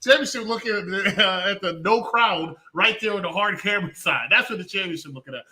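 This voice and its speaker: A man's voice: high-pitched, brisk, bright, forceful tone, a little hiss or hum. A man co-hosting a casual wrestling review chat, teasing the others and laughing a lot. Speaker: podcast co-host.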